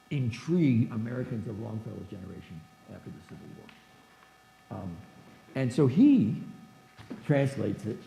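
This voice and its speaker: A man in his seventies lectures at a church forum with a gravelly, mellow voice. He stops and restarts often and reads lines of verse aloud. The sound is echoey, with a faint hum of room noise behind him. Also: medium pitch. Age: 70s. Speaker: guest lecturer.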